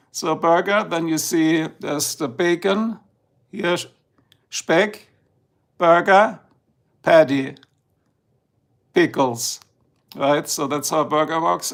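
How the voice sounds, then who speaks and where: A middle-aged German-accented man hosts a livestream in loose, rambling chat, slipping between English and German. His voice sits a little high and has a gravelly, creaky edge. He sounds freshly woken up. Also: slow, long pauses, a bit bright. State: just woken up. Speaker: livestream host. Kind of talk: casual livestream talk.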